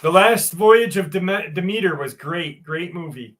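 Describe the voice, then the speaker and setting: A man's voice: high voice, lively intonation, a little slow, a bit bright. A man hosting a casual live stream, joking and swearing as he greets viewers by name and reads a story aloud.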